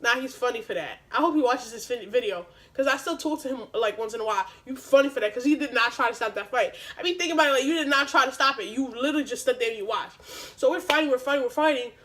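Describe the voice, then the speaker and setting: A young woman vlogger retelling a story in casual, animated, profane slang. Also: sits high, fast talker, rough recording.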